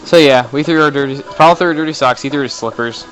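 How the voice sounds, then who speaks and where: A man giving chatty, excitable commentary while playing a video game, tossing in the odd swear for effect. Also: mid-range voice, fast, faint music behind, rough recording. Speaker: let's play host. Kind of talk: casual gameplay commentary.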